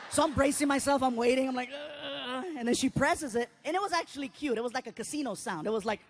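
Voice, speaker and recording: A woman telling a stand-up comedy story, animated and acting out voices and sounds. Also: high voice, quick pace, few pauses, a little hiss or hum.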